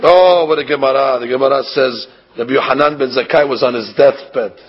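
A man giving an animated sermon, asking rhetorical questions and mixing in Hebrew terms. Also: mid-range voice, fairly quick, husky. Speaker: rabbi giving a Torah class. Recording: dull lo-fi recording.

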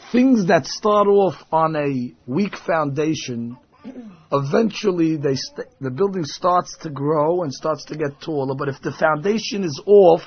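A man's voice: on the high side, slightly rough. A man giving a Torah lesson, telling stories and acting out the voices he quotes with big jumps in tone. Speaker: Torah teacher. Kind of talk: sermon with storytelling. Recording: dull lo-fi recording.

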